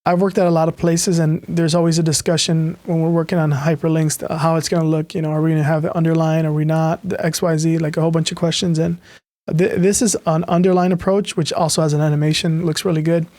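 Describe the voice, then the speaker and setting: A man's voice: fairly high pitch, level tone, quick pace, darkish tone. A man in casual screen-share commentary, reviewing websites as a designer, enthusiastic and rambling, often restarting his sentences. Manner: enthusiastic, rambling, self-interrupting. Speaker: web designer reviewing sites.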